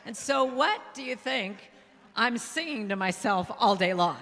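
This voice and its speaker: A woman's voice: on the high side, moderate pace. Playful woman speaker in a reverberant hall. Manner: playful, animated, breaks into song. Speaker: guest speaker and musician. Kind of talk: lively spiritual talk with singing. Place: church hall.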